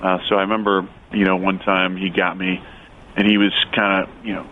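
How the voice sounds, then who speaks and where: A man's voice: low voice, flat delivery, fairly quick, narrow, tinny audio. A man, a former football player, telling a rambling football story with lots of fillers. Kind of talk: casual storytelling on radio.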